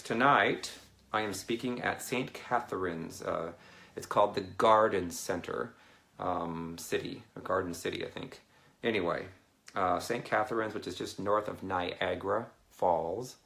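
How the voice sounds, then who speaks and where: A man's voice: low-pitched, fairly even intonation, unhurried, vocal fry, a bit bright. A man chatting casually and rambling to viewers on a live video, often laughing between thoughts. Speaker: Christian ministry speaker.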